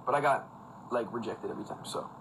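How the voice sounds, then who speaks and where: A man's voice: mid-range voice, quick pace, fairly bright tone, slight background noise, poor audio. A young man hosting a casual phone livestream from home, talking loosely with lots of fillers and frequent laughs. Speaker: livestream host. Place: indoors at home with a fan.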